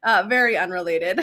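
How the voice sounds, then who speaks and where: A woman's voice: a little high, a bit bright. A woman hosts a casual live stream as a business coach, chatting with lots of laughter and fillers and reading comments aloud.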